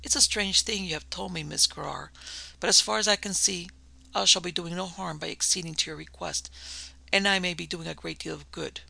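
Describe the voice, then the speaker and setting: A man's voice: high-pitched, fairly even intonation, vocal fry, bright, forceful tone, no room sound, full character voice, rough recording. A man voicing a genial but grave middle-aged priest in an audiobook. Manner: grave, measured. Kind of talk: audiobook character voice.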